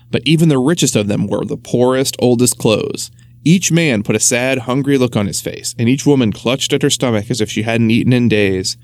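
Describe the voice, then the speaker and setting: A man reading a children's story aloud in an expressive, storytelling manner. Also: medium pitch.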